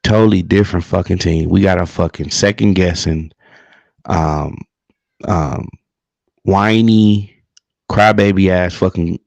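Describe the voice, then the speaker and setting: A man with a low, gravelly, slightly mellow voice talks at a measured pace with long pauses, and the highs are cut off in a recording with no room sound. Co-hosting a livestream, he rants heatedly and casually about his team, swearing and repeating himself.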